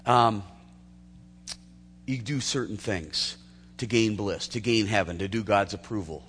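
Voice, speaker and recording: A man preaching a sermon as a pastor, telling stories in an animated way with restarts and laughter. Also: on the low side, unhurried, big-room sound, a little hiss or hum.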